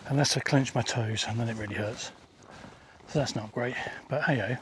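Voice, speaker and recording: A man's voice: medium pitch, moderate pace, noisy background. Wry man on a countryside walk. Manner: wry, self-deprecating, chatty asides. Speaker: vlogger. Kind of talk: casual hiking vlog. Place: outdoors in countryside.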